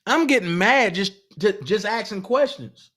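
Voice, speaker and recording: Fired-up guy with aave ranting on his stream, pitch a bit high, keeps hitting the chat with questions. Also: animated, measured pace, fairly bright tone. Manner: indignant, asks the chat pointed questions. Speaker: livestream host. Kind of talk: heated livestream commentary.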